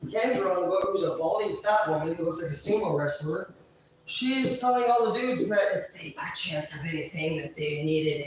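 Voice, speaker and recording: A woman's voice: deep voice, slight background noise. Profane rambling woman in an echoey room. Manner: profane, rambling, trails off and restarts. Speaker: livestreamer. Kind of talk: rambling live-stream monologue. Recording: very echoey, voice far from mic.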